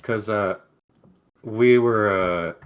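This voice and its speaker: Slow, low-voiced man asking tentatively. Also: clear, resonant tone. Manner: tentative, searching for words. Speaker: player. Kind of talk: casual tabletop game talk.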